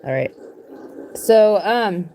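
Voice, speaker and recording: A woman's voice: mid-range voice, animated, extremely slow, mellow. Woman rambling on a live stream from her tent, swears a lot, goofy and offhand, bit of faint noise behind. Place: in a tent, sitting on her bed.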